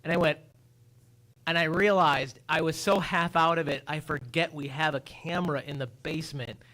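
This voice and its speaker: A man on a morning radio show spins a story, jumping into little acted voices and sound effects as he goes. His voice sits a touch high and rings bright and forward. It sounds like a studio microphone. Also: moderate pace. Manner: animated storyteller, acts out his own voice and sounds. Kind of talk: casual morning radio chat.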